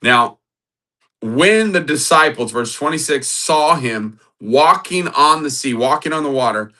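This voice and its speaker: Bright-voiced man preaching. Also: fairly high pitch, animated, unhurried. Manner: builds to emphatic repetition; reads scripture aloud. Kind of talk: sermon-style Bible teaching.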